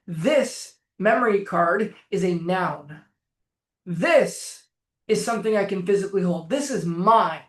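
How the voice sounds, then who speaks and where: A man's voice: sits high, lively intonation, unhurried. Man, coach, live-stream talk, blunt and emphatic, casual swearing, roomy echo. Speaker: anxiety and phobia coach.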